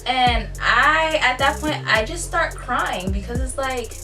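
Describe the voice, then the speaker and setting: A young woman vlogger telling a personal story in a candid, profane, animated way. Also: high voice, takes it slowly, distant mic. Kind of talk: casual storytime. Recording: voice off-mic with faint music.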